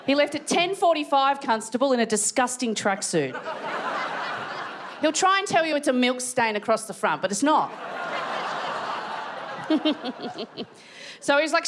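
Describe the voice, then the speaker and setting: Her high-pitched, expressive voice moves at a moderate pace with long pauses as this Australian stand-up comedian tells stories and shrieks out acted quotes. She performs on a large theatre stage, with background noise and audience laughter behind her.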